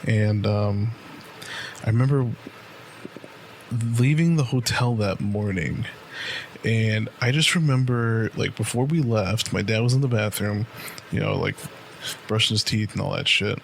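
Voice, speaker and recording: This late-twenties man co-hosts a podcast, spinning a long, loose yarn full of swearing and fillers such as "like" and "right?". He speaks in a lowish, unhurried voice with vocal fry and frequent pauses, over a faint hiss or hum.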